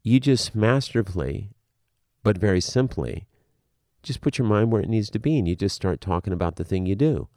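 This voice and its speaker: A middle-aged man lecturing as an acting coach. He is emphatic and animated, and he often repeats a word as he starts a phrase. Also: lowish voice, moderate pace, dry recording, studio quality. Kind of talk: spoken lecture to the viewer.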